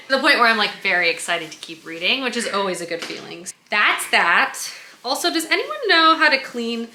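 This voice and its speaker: Woman book vlogger, bright tone, roomy echo, chatty and gushing. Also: on the high side, slight background noise. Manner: chatty and enthusiastic, many "like" fillers. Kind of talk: casual vlog chat. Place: home under construction, indoors.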